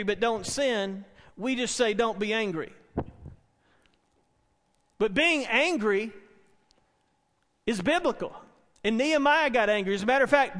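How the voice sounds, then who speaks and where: A middle-aged Baptist pastor preaching a sermon in earnest, repetitive phrases, asking the congregation questions in a church. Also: male voice, very high-pitched, a bit bright. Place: church sanctuary. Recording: long hall reverb.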